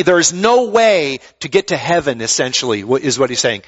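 A male pastor delivers a sermon in a loose, conversational style, often repeating words as he starts a thought. His voice sits fairly high for a man. The recording sounds dull and lo-fi. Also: a little fast, hardly any pauses, fairly bright tone.

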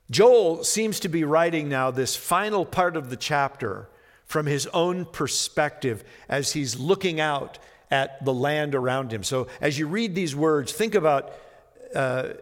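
A man preaching, reading scripture in slow, weighty phrases and breaking into fervent, pleading calls. His voice sits a little high for a man. A long reverb trails behind him, as in a large hall. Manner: slow emphatic reading rising to impassioned pleas. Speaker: pastor. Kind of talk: sermon reading and explaining scripture.

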